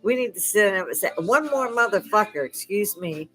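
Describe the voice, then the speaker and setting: A woman's voice: medium pitch, animated, moderate pace, fairly bright tone, faint music behind. An older woman delivering an angry, profane political rant, sarcastic and scornful, with bursts of mocking laughter. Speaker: livestream host.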